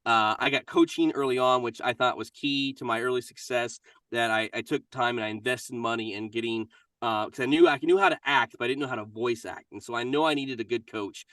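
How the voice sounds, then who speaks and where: A man's voice: medium pitch, brisk, a bit bright, no room sound, clean studio sound, distant mic. A middle-aged man, a voice actor and minister, talking casually and energetically in an interview.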